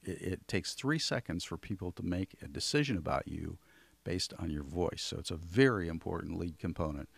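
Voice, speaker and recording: Deep gravelly male voice coach. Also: moderate pace, dry recording. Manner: relaxed, demonstrates voice placement while teaching. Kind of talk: workshop lesson.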